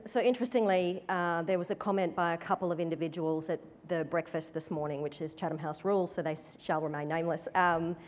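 A woman executive speaking on a conference panel, in a measured, careful corporate manner. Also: on the low side, fairly even intonation, slight background noise. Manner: measured, corporate, careful to avoid direct answers. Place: conference stage before an audience. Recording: reverberant conference hall.

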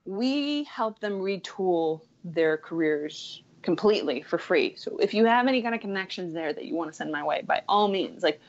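A woman's voice: fairly low pitch, lively intonation, normal speed, few pauses, lo-fi sound. Chatty, enthusiastic woman in her thirties. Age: 30s. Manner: enthusiastic, chatty, many "like" fillers. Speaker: guest, career coach. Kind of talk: casual interview talk.

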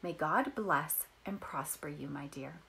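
A woman voicing a kind, hearty farm woman with a motherly, firm but gentle way of talking. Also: low-pitched, unhurried, vocal fry, pitched below the performer's own voice, heavily acted, rough recording. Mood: fond.

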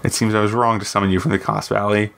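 A man's voice: fairly low pitch, level tone, quick pace, vocal fry, a bit bright. A man reading a sardonic old woman mage. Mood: wry. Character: proud, sardonic older woman mage teacher. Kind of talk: audiobook reading.

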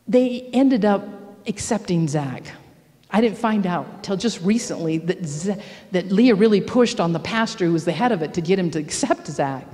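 A middle-aged woman with a fairly high voice tells a personal testimony with energy, acting out every character as she goes. Her voice rings out through a church with a long, echoing reverb. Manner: animated storytelling, acting out the voices of others. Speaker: church speaker.

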